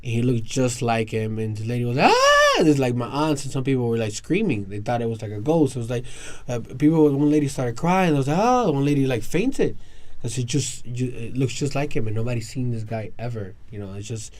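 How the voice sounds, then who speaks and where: Animated New man telling stories. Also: medium pitch, fairly quick. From New York, USA. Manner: animated storyteller, rambling with restarts. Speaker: podcast guest. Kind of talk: casual round-table storytelling. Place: round-table podcast recording with other guests.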